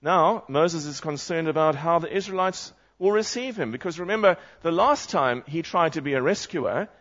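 A man's voice: on the high side, expressive, moderate pace, fairly bright tone. A man preaching a sermon, reading scripture aloud and putting questions to the congregation. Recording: muffled lo-fi sound.

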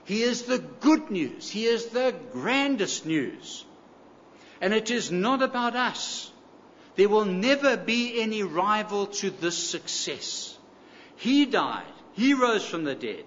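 Aussie preacher guy, high lively voice, keeps hammering the point, bit dull echoey hall sound. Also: slow pace, slight background noise. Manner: emphatic, repeats key phrases, rhetorical questions. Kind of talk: sermon.

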